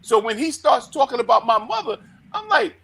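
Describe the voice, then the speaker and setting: Man, husky, high and lively voice, heated talk-show debate, swears a lot. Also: a little fast. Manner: animated, swearing, acts out quotes loudly. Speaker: podcast co-host.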